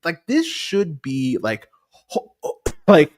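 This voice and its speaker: A man's voice: mid-range voice, sing-song, unhurried, a little hiss or hum. A man hosting a movie podcast, rambling through a profane casual review with lots of restarts and fillers.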